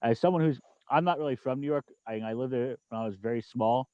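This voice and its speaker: A man from the cigar industry speaking on a video call in a casual, reflective and unhurried way. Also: mid-range voice, no echo. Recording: dull video-call audio.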